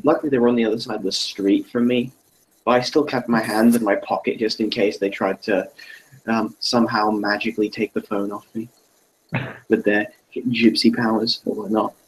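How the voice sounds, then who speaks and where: A man chatting on a voice call, fond of sarcasm and dry jokes. His voice sits a bit low. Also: steady tone, normal speed, a little hiss or hum, rough recording. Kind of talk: casual chat.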